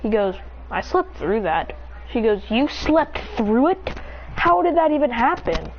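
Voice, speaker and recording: A woman rambles through a homemade story, her voice swinging widely as she speaks the characters' lines higher than her narration. Her voice sits a bit high for a woman. The recording is dull and lo-fi, with a faint hiss behind her. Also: big pitch swings, unhurried.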